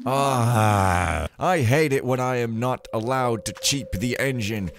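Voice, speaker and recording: A man's voice: medium pitch, lively intonation, slow pace, hardly any pauses. A man talking to himself as he plays a stealth game, joking and rambling in loose gameplay commentary. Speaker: let's play host. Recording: clear background noise.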